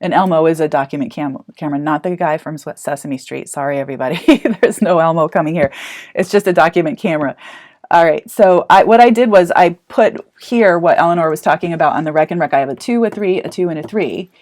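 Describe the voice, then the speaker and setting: A woman's voice: low-pitched, quick pace, a little mellow. A woman teacher explaining a hands-on math activity to parents, chatty and encouraging as she thinks aloud.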